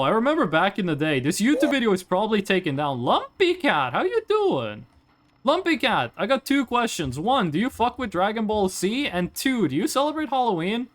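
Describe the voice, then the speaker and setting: A man from Norway, chatting to viewers during a live game stream in an animated, joking, rambling way. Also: high-pitched.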